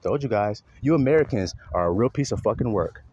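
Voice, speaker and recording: A man's voice: fairly low pitch, expressive, brisk, dark tone, husky, lo-fi sound. A man delivering an impassioned spoken monologue, preachy and blunt, swearing freely and slipping into mocking sarcasm. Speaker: online commentator; father.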